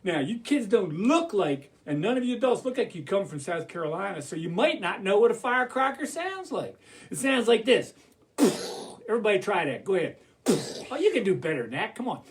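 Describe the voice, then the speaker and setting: A man telling a children's story as a puppeteer, animated and calling out to the audience to join in. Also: high voice, brisk, slight background noise. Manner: animated, call-and-response with the audience.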